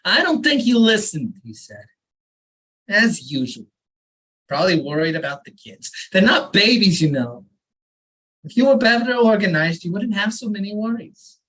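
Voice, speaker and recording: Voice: mid-range voice, big pitch swings, normal speed, fairly bright tone, low-quality recording. A performer voicing an elderly immigrant father who lectures earnestly, reading a story aloud at an open mic. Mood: insistent. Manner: fussy, insistent advice-giving.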